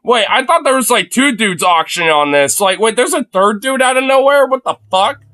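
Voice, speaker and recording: Animated high-voiced young male streamer. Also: fairly quick. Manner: incredulous, exclaiming, swears a lot. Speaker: streamer reacting to a video. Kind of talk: casual live-stream reaction.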